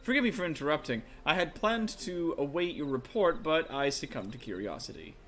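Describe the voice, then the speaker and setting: A man voicing a careful female scholar, speaking formally and measuredly in a softer, lower tone. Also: animated, a little fast, soft background music.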